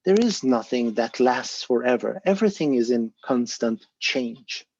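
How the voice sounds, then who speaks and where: A man's voice: mid-range voice, expressive, measured pace, a little mellow, lo-fi sound, a little hiss or hum. A man leading an online discussion, talking in an earnest, encouraging way and thinking aloud with fillers. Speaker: volunteer presenter of an online discussion. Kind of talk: casual explanatory talk on a video call.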